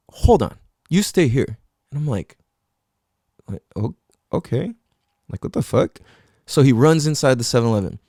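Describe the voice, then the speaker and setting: A man's voice: medium pitch, a little mellow, dry recording, studio quality. A man hosting a podcast, telling a story casually and swearing a lot. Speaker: podcast host.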